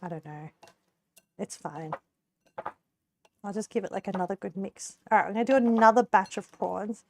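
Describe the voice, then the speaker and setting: Her voice is mid-range and darkish with vocal fry and long pauses, at a moderate pace, over a little hiss or hum. The young woman cooks on a live stream, chatting casually with viewers, rambling, giggling often and using many fillers.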